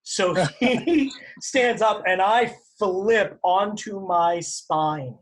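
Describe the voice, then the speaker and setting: A man, a stage actor, telling a theater story in casual chat with lively reactions and laughter. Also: sits high, extremely slow. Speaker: podcast co-host and stage actor.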